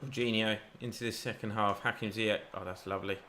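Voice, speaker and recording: A man giving chatty, excitable play-by-play commentary over a football video game. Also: fairly low pitch, fairly quick, slight background noise. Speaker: gaming YouTuber.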